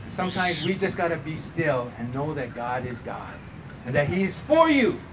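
A man's voice: fairly high pitch, background noise. A man preaching as pastor at a church service, emphatic, drawing answers from the congregation. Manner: emphatic preaching with call-and-response. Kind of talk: sermon.

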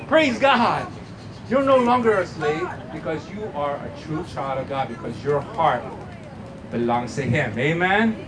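Pastor guy preaching hard, call and response w the crowd, pretty high voice. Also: lively intonation, normal speed, rough recording. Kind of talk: sermon.

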